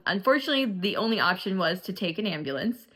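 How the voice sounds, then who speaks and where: A young woman telling an animated storytime on her family vlog, acting out the voices of the people in her story. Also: medium pitch, fast, breathy edge. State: in shock after diagnosis. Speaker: family vlogger.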